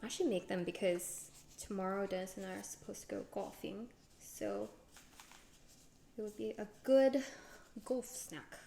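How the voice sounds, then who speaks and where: A chatty woman streams herself cooking and talks it through as she goes, answering her chat along the way. She jumps into high, excited exclamations when something catches her interest. Music plays clearly behind her. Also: measured pace, long pauses. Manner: chatty, thinks aloud, reads chat and answers it. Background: background music.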